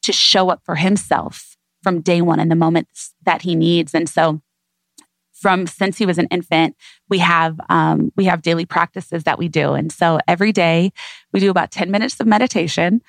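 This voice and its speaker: A woman's voice: on the low side, steady tone, normal speed, vocal fry, no echo. A woman guest on an interview show, speaking earnestly and reflectively in repeated emphatic phrases.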